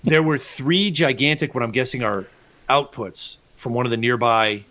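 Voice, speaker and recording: A male podcast host spins long, meandering fishing stories, swearing freely as he goes. His voice sits at an ordinary middle pitch, and he talks in a loose, casual way. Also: normal speed, pushed and bright. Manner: profane, rambling storyteller.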